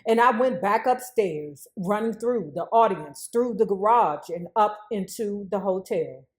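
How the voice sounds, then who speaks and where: With a mid-range voice and a measured pace, this woman reads a memoir to her YouTube audience. She keeps stopping to add blunt, profane remarks and animated asides.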